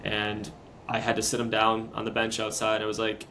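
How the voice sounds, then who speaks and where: A young man in his twenties, a podcast guest, recounting a hard personal story in a casual, earnest, halting way. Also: lowish voice, completely flat delivery, bright, forceful tone, slight background noise, rough recording. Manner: earnest, halting, retelling step by step.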